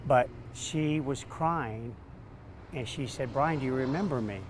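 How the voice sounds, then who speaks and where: A man, a dog trainer, telling stories in an interview, animated and acting out quotes. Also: mid-range voice, moderate pace. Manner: animated, acts out quotes with laughs. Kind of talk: storytelling interview answers.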